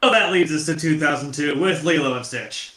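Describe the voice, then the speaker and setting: A man's voice: fairly high pitch, a little fast, a bit bright, reverberant. A man co-hosting a casual film talk show, rambling and swearing freely, with many restarts. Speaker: podcast co-host.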